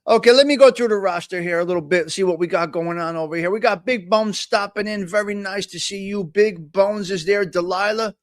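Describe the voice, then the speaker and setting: Brief: high-voiced New Jersey man, animated livestream host, loud and teasing, close dry mic. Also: a little fast, hardly any pauses, no room sound. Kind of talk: casual chat.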